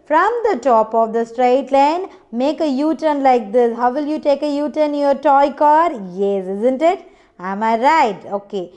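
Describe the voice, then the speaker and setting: A young woman with an Indian English accent teaches phonics to small children, patient and encouraging, now and then breaking into short sing-song chants. Her voice is high, unhurried, and a little mellow.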